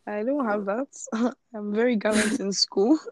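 A young woman co-hosting a podcast from her own room, chatting in a quick, playful way. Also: mid-range voice, a little hiss or hum, rough recording. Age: young adult. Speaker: podcast co-host. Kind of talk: casual chat.

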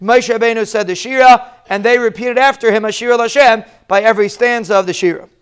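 A man's voice: very high voice, steady tone, fast talker, a bit bright, smooth. A man giving a daily Talmud lesson, explaining step by step and repeating key lines. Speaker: Talmud teacher.

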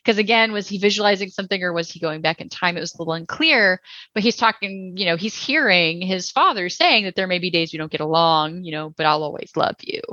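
Bright chatty woman, dull dry recording. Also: on the low side, quick pace, no echo. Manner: chatty, rambling with many fillers. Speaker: podcast co-host. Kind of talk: casual TV review chat.

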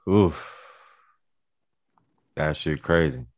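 A young man co-hosting a casual podcast, blunt and quick with his reactions. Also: very deep voice, no echo, clean studio sound. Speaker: podcast co-host. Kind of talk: casual chat.

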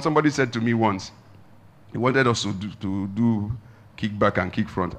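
Delivering a sermon from the pulpit, a male pastor speaks emphatically, his pitch and volume swinging widely as he stretches out key words slowly.

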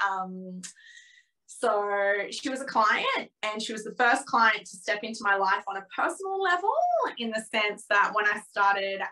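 A woman's voice: medium pitch, pushed and bright, poor audio. A woman in her thirties as a podcast guest, telling a frank, emotional personal story with lots of fillers.

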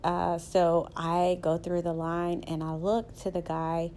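A Southern-accented woman hosts a podcast, winding through personal travel stories and drawing faith lessons from them. Her voice sits a little low and mellow, and her delivery is chatty, stopping often to check in with the listener. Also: little pitch movement, takes it slowly, a little hiss or hum. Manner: chatty storytelling, often asks "right?". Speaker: podcast host. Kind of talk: faith-based motivational talk with personal stories.

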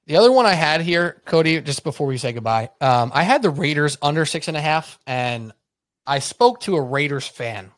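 Animated, rambling male podcast co-host. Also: fairly high pitch, moderate pace, no echo. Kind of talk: casual sports podcast chat.

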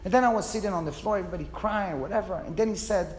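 Passionate high-voiced rabbi in an echoey hall. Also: male voice, very fast, few pauses, a little mellow. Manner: passionate, emotional storytelling. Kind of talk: personal storytelling talk.

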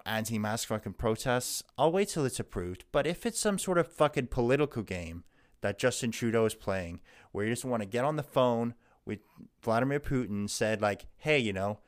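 A man's voice: lowish voice, clear, resonant tone. A young man ranting angrily in a profane, heated vlog. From Canada. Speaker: vlogger. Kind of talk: angry political rant.

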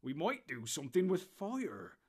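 A man's voice: on the high side, big pitch swings, measured pace, breathy edge, pitched above the performer's own voice, heavily acted. A man doing a blunt, rustic hobbit servant. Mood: determined. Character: loyal, plain-spoken male hobbit servant.

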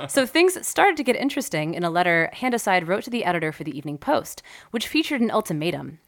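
A woman hosting a podcast, telling a history story in a lively, wry way with joking asides. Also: lowish voice, fast talker, hardly any pauses. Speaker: podcast host.

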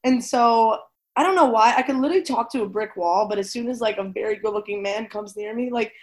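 A woman in her twenties co-hosts a podcast, chatting casually in a bubbly, giggly way and saying "like" constantly. Her voice is fairly high and she talks quickly.

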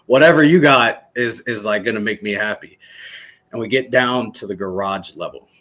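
Excitable low-voiced man from Michigan. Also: normal speed. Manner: animated, swearing, excited storyteller. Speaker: podcast guest, former soldier. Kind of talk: casual storytelling interview.

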